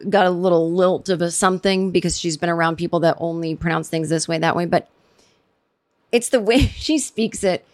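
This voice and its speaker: A woman hosting her own comedy podcast, talking solo in a rambling, sarcastic way with many restarts and asides. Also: mid-range voice. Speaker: podcast host.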